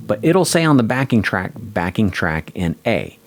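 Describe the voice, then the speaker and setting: Lively-voiced man teaching guitar. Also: on the low side, normal speed. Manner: calm explaining, counting beats aloud over a track. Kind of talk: instructional lesson.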